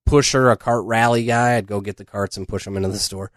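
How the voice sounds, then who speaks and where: A man's voice: on the low side, fairly even intonation, quick pace, no room sound, studio quality. A man co-hosting a podcast, telling a rambling story in casual chat. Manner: rambling storyteller, breaks into laughter. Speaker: podcast co-host.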